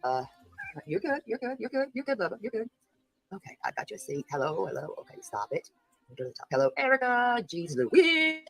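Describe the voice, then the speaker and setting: Husky-voiced woman hosting a livestream. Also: medium pitch, very animated, brisk, soft background music, low-quality recording. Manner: greets chat viewers by name, blunt and indignant. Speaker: host of a livestream commentary show. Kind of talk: casual livestream commentary.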